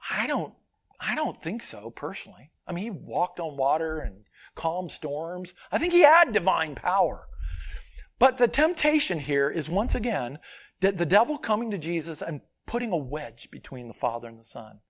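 A man preaching a sermon, earnest and emphatic, swinging between loud stressed points and quiet asides. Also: on the high side, big pitch swings, normal speed.

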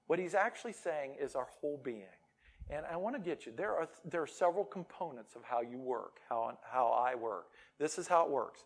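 A middle-aged male pastor preaching a sermon. He swings between loud, emphatic declarations and quiet asides. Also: a little high, breathy edge.

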